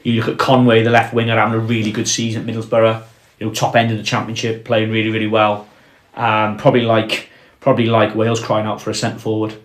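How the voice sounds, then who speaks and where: Low-voiced man talking football, roomy room. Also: monotone. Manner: measured, trails off and restarts, drops his voice on key points. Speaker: podcast co-host. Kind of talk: casual football chat. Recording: roomy echo.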